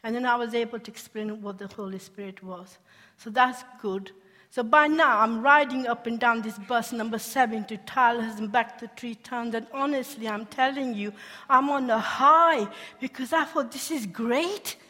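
A woman preaching a lively testimony, her voice sitting a little high. She laughs often and turns to question her audience. Her voice rings with a long hall reverb. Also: moderate pace. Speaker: speaker sharing a testimony. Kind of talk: testimony sermon.

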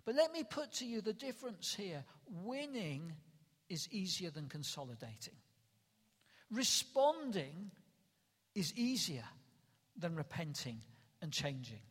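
High-voiced preacher in an echoing hall. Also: male voice, sing-song, unhurried, pauses often, husky. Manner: dramatic, rising to emphatic calls. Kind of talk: sermon. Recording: long reverb in a large hall.

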